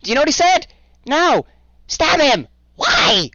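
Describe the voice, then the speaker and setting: Shrill little gate-guard critters, screaming and squealing, kinda muffled lo-fi audio. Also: male voice, sing-song, a little slow, no room sound, exaggerated voice. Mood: frantic. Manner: squealing and yelling in panic. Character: giggling small male gate-guard creatures, shrill and silly.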